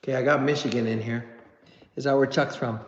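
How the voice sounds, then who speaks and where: A man's voice: mid-range voice, steady tone, quick pace. A man hosting a casual live stream, chatting with viewers, reading their comments aloud and joking about his own memory. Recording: dull, roomy audio with long reverb.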